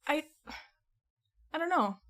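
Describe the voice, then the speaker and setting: A woman's voice: sits high, lively intonation, slow pace, a bit bright. A woman streamer chatting casually with her viewers from home, rambling along and laughing often.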